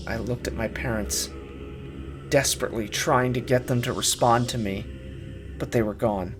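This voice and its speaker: A man's voice: mid-range voice, steady tone, normal speed, music in the background. Man narrating a horror story. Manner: dramatic storytelling, tense and urgent. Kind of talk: first-person creepypasta narration.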